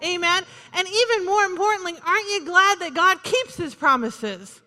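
A woman's voice: very high-pitched, normal speed, bright, forceful tone, big-room sound. A woman pastor preaching a sermon in a conversational, joking way, punctuated by calls of "Amen.".

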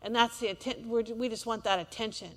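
A woman's voice: on the high side, steady tone, fast, fairly bright tone, in a large hall. A woman preacher, delivering a sermon in a church and asking the congregation for amens. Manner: call-and-response preaching, asks for amens.

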